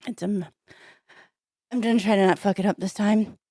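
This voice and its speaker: A woman co-hosting a comedy podcast, telling jokes with giggly, animated banter. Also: mid-range voice, moderate pace, no echo, clean studio sound. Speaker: podcast co-host. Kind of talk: casual joke-telling banter.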